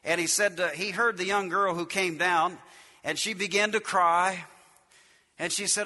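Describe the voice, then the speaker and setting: Male preacher, high and piercing, emphatic and repetitive, long hall reverb. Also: steady tone, measured pace. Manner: emphatic, repetitive, shouts key lines, drops low to tell stories. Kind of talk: sermon.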